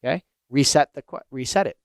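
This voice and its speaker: A man co-hosting a podcast in casual chat, telling anecdotes in an animated way. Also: mid-range voice, a little fast, no room sound. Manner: animated storyteller, acts out anecdotes. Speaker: podcast co-host.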